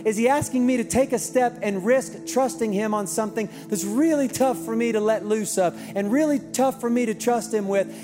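A man's voice: extremely high pitch, moderate pace, hardly any pauses. A man preaching a sermon as pastor in a church, telling stories and asking rhetorical questions. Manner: storytelling, rhetorical questions, lively delivery. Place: church auditorium. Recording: reverberant hall with music behind.

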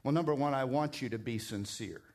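A middle-aged man preaching a sermon as pastor, emphatic and climbing higher when he presses a point. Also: brisk, a little mellow.

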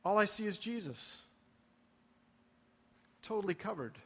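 A man with a high voice preaches a sermon, earnest and pleading. He drops to quiet reflection, then builds to emphatic appeals. The sound rings with the long reverb of a large sanctuary. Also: big pitch swings, measured pace, creaky, pauses often. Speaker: pastor.

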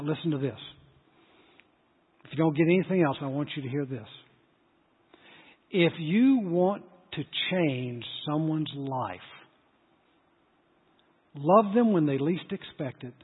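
A man with a high, husky voice preaches a sermon, acting out the parts of his story. His voice sounds tinny and thin, and a long reverb trails after it in a large hall. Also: slow, long pauses. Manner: animated, acts out dialogue in story. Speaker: pastor.

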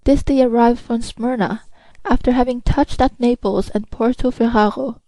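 A woman reading the part of a formal male royal prosecutor in a measured, grave way, close to her own voice. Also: a little high, steady tone, mellow, dry recording, close to an everyday voice, poor audio.

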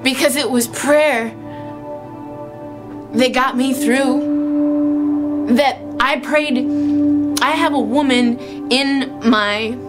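A woman with a high voice gives an emotional faith testimony. She talks with exclamations and bursts of feeling. Music plays clearly under her voice. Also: fairly even intonation, drawn-out words, pauses often. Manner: emotional, exclamatory, tearful at moments. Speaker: Christian speaker sharing testimony.

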